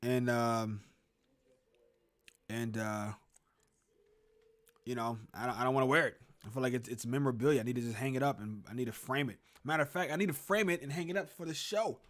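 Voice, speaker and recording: A man's voice: mid-range voice, fairly quick, long pauses. A young man hosting a casual sports show at home, rambling about a football game and greeting viewers in the chat. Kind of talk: casual live game reaction stream. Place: at home in a room with a closet.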